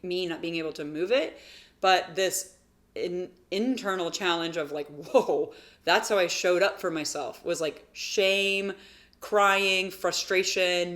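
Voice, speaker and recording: A woman in her thirties with a lower-pitched voice talks in an earnest, reflective way on a wellness podcast. She grows animated when she acts out her own thoughts. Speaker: podcast co-host, physical therapist. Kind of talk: casual chat.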